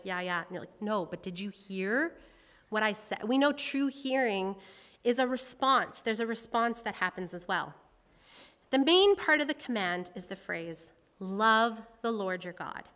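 A woman delivering a sermon in a bright, fairly high voice, her words trailing into a long hall reverb. She speaks earnestly and conversationally, drawing her listeners in. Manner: leads congregation in responsive reading, conversational and earnest. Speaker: preacher.

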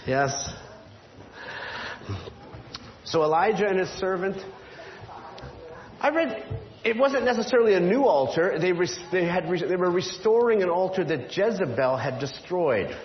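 A man's voice: sits high, animated, moderate pace, slight background noise. A man leading a children's Bible lesson in a church hall, playful and quizzing the kids, chuckling often. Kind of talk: children's Bible story with props. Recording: echoey hall, dull lo-fi sound.

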